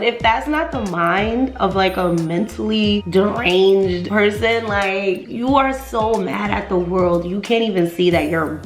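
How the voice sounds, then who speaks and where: A woman's voice: medium pitch, a little slow, hardly any pauses, reverberant, faint music behind. A woman hosting celebrity gossip commentary in a sassy, incredulous, casual way, cursing freely and laughing often.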